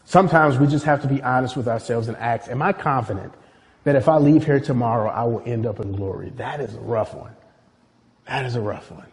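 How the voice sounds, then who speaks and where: A man's voice: mid-range voice, fairly quick. Man preaching in an echoing hall. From Nigeria. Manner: animated storytelling, acting out quoted voices. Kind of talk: sermon.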